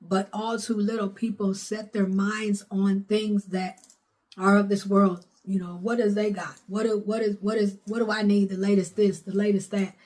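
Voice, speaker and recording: A woman's voice: mid-range voice, level tone, moderate pace, darkish tone. Lady preaching hard, says things over and over, plain middle voice. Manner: fervent, repetitive preaching with dropped grammar. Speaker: prophetess preaching. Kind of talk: sermon.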